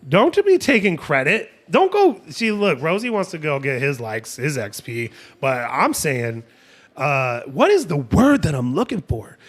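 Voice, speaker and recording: Calling the action in a live streamed esports tournament, this host and caster banters with chat, playful and full of hype. He speaks a little slowly with a medium, sing-song voice.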